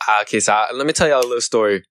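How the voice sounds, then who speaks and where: A young man telling a story in casual chat, animated and slangy, saying "bro" a lot. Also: medium pitch, racing. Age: young adult. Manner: animated, slangy, says "bro" and "right?" often.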